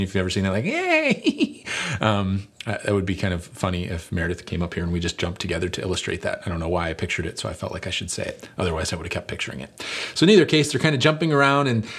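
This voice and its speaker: Lowish-voiced male pastor telling a story. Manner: relaxed storytelling with fillers and self-deprecating humor. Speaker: lead pastor. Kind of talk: conversational sermon.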